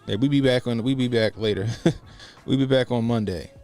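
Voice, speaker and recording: Gravelly man ranting on a livestream. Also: medium pitch, a little fast, a little mellow, soft background music. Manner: laughs often, rambling and profane. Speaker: livestream commentary host. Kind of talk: casual profane livestream commentary.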